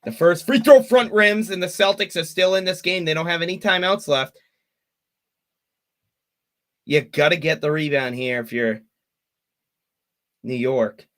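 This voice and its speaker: Excitable young male fan commentator. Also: a little high, a little slow, long pauses. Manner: excitable, rooting for one team, groans and cheers. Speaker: play-by-play commentator.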